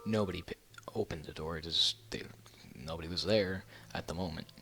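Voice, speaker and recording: Low-voiced man rambling through a story. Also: a little fast, sharp tone, faint music behind. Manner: rambling, many fillers and restarts. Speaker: YouTuber. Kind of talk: casual storytime narration.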